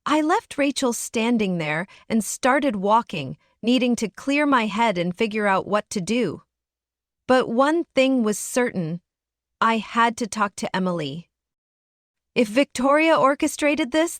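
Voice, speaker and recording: A woman's voice: fairly high pitch, expressive, measured pace, no room sound, studio quality. Woman narrating a dramatic story. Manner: earnest, emotional storytelling.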